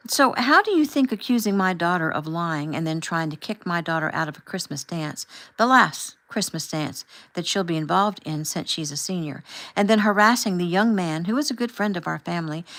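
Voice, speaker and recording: A woman voicing a calm, firm husband and father who asks measured, pointed questions as he confronts a chaperone in an audiobook. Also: sits high, low-quality recording. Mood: firm rebuke.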